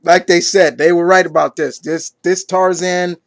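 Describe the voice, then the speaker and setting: A man's voice: sits high, flat delivery, moderate pace, gravelly, no room sound. A man giving a casual comic book review, rambling and stumbling through his retelling with lots of fillers.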